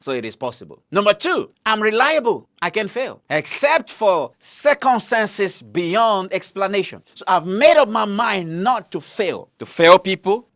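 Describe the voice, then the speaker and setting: A man with a Nigerian accent delivers a motivational sermon in a fairly high, very animated voice. He keeps firing questions at his listeners and answering them, and his delivery swings from loud emphasis to hushed asides. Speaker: preacher.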